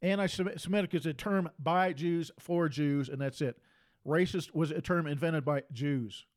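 A man's voice: fairly high pitch, normal speed. A man preaching an emphatic monologue, repeating his phrases again and again to drive them home. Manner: emphatic and repetitive, hammering phrases.

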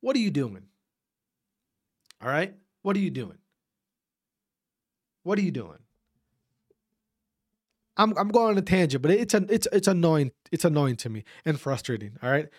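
A man's voice: a little high, big pitch swings, moderate pace, pauses often, dry recording, studio quality. A young man delivering a heated, profane rant to his viewers, lecturing and repeating himself with frequent "all right?" checks. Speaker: esports commentator ranting to viewers.

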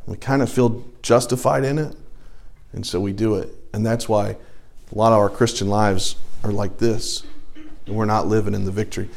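A man's voice: on the low side, steady tone, moderate pace, creaky, a little mellow. A middle-aged man leading an adult Bible study in a casual sermon style, telling stories and acting out inner voices. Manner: conversational storytelling with acted inner voices.

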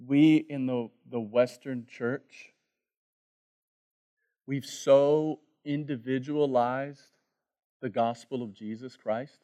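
A male pastor preaching a sermon, dropping to a hushed voice on key words. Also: medium pitch, steady tone, slow, long pauses, clean tone.

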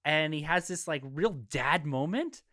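A man talks on a podcast with lots of rise and fall in his pitch. He is agreeable and laughs easily, and his voice is bright and dry. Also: measured pace, no room sound. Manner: lively, agreeable, laughs often. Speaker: podcast co-host. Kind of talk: casual chat.

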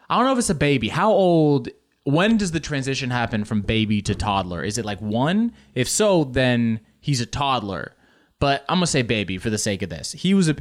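A young man chatting casually to camera, animated and jokey, joking about how much he talks with his hands. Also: mid-range voice.

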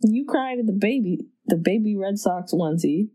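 A woman's voice: mid-range voice, lively intonation, moderate pace, mellow. A young woman co-hosting a casual chat, gushing and laughing as she recaps an emotional movie.

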